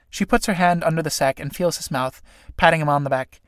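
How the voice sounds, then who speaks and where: A man's voice: fairly high pitch, fast, fairly bright tone, clean tone, dry recording, studio quality. Man reading stage directions plainly. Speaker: reader. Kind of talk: solo play reading.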